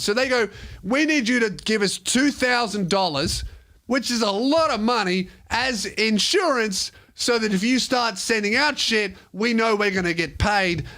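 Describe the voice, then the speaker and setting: A man's voice: high-pitched, pushed and bright. A young Australian man, a comedian and podcast host, telling an exasperated, profane story as a comic rant. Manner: exasperated, profane, mock-polite quoting.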